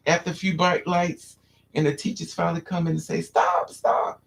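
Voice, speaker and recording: Man, casual chat, gravelly voice, a bit high, animated storyteller, faint background noise. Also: fairly quick. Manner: animated storyteller, squeals and acts out quotes. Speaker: podcast host.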